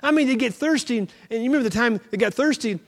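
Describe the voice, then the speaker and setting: A male pastor preaching a sermon, animated storytelling with acted-out voices and sudden shouts. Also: extremely high pitch, fast talker, in a large hall.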